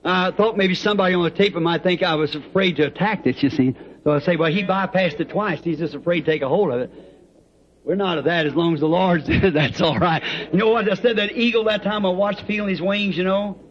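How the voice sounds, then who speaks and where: A high, brisk male voice with a faint hiss or hum preaches a sermon to his congregation. He is fervent and rhythmic, telling stories and chuckling along the way. The audio is dull and lo-fi, like an old tape.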